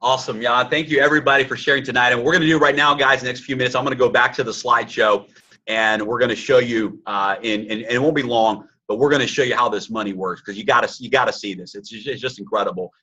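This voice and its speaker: Hyped forties guy hosting a webinar, bright punchy voice, lo-fi sound. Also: mid-range voice, fairly even intonation, fast talker, husky. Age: 40s. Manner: upbeat, hyped, filler-heavy. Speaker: webinar host. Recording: lo-fi webinar audio.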